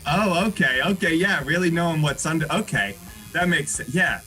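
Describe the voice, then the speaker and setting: A man playing a friendly, accommodating tattoo artist in an improv comedy scene, full of fillers and quick agreement. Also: a little high, pushed and bright, faint music behind, rough recording.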